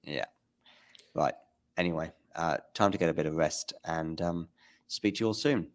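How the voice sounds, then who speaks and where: A man's voice: sits low, normal speed. A man hosting a casual tennis talk stream, rambling a little and thanking viewers in the chat by name over a remote call.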